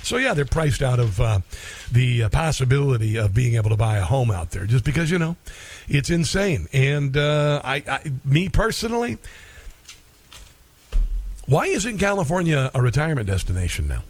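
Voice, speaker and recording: A man's voice: mid-range voice, very animated, normal speed. A middle-aged man hosting talk radio in a rambling, folksy monologue full of fillers.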